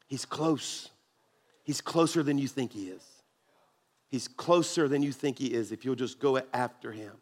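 High-voiced pastor preaching in a hall. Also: male voice, a bit bright. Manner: preachy, emphatic, call-and-response to congregation. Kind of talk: sermon. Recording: long hall reverb.

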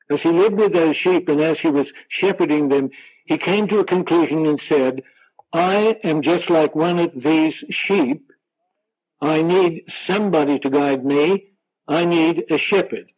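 A man delivers a sermon in a slightly high voice, slowing right down to stress each quoted line. The sound has the thin quality of an old radio broadcast. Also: darkish tone, low-quality recording. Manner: slow, emphatic preaching with drawn-out scripture quotes. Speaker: preacher.

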